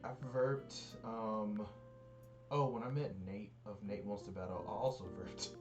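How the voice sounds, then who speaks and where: A woman's voice: rumbling low, a little slow, lo-fi sound, soft background music. A woman hosting a game livestream, telling stories in casual chat and laughing often. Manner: animated storytelling, laughs often. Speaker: livestream host.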